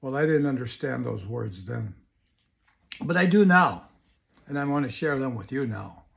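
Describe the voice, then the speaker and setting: A man's voice: medium pitch, expressive, moderate pace, gravelly, fairly bright tone. An older man, a hypnotist, talking to camera in a folksy, storytelling way, often asking rhetorical questions. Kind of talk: motivational video talk.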